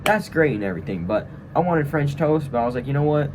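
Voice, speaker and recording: A young adult vlogger with a mid-range, sing-song voice talks fast, casually telling a story and walking through a tutorial. He rambles with lots of fillers and tag questions, and background noise fills the room at a training school.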